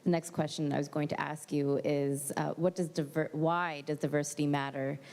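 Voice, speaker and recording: A woman's voice: deep voice, flat delivery, normal speed, a little mellow. A woman interviewer asking a question, with hesitant fillers.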